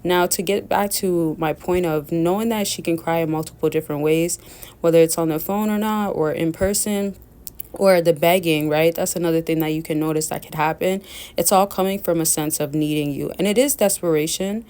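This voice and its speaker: A woman with a fairly low, unhurried voice gives casual relationship advice to men. She talks in a loose, rambling way, circling back to her points. She often turns to her viewers with y'all. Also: fairly even intonation, a little mellow. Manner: rambling, chatty, keeps addressing listeners as y'all. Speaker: dating coach.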